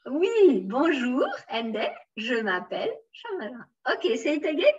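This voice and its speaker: A woman's voice: high-pitched, very animated, measured pace, a little mellow, far from the mic, muffled recording, slight background noise. A woman from Switzerland teaching a beginner French class. She switches between English and French, uses many fillers and keeps encouraging her students. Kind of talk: online language class.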